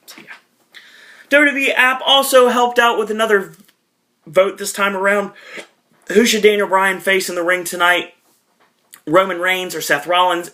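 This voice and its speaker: Man, casual recap monologue, chatty asides, fairly high bright voice. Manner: chatty, animated, with asides to viewers. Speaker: podcast reviewer.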